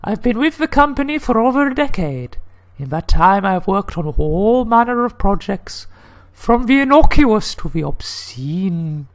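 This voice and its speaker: A man voicing a nervous woman corporate executive from a video game in a high falsetto lady voice, with her fear held under composure. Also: sing-song, measured pace, full character voice. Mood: grave.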